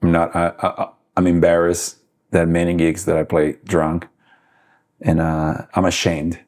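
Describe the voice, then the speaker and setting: Guest musician: very deep-voiced brazilian man, forties, accented english, halting, fillers. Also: completely flat delivery, a little mellow. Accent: Brazilian Portuguese. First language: Portuguese. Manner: halting, many fillers and restarts. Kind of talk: casual interview chat.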